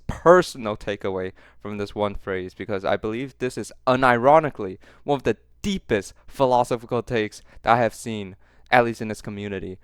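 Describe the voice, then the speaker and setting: Casting: male commentary host, smooth and crisp, close dry sound, teasing, laughs a lot. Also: lowish voice, no room sound. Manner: mocking, laughs often, repeats phrases for effect. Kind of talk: reaction commentary.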